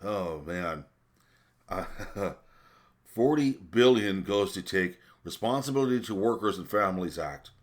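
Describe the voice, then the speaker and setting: An indignant man with a very low voice rants through a list of spending figures. He swears, trips over his words and leans on fillers as his anger builds. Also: animated, unhurried. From American. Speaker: vlogger. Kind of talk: ranting commentary.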